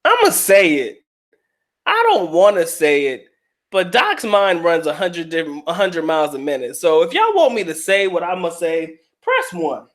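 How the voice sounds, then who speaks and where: A man's voice: high-pitched, big pitch swings, normal speed. A middle-aged man hosting a casual livestream, reading viewer comments aloud in a blunt, profane, slangy way with frequent laughs.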